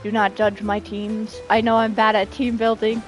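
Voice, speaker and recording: A woman's voice: medium pitch, level tone, moderate pace, music in the background. A woman streaming a game, chatting casually and reading her chat aloud, giggling often. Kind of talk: casual live commentary.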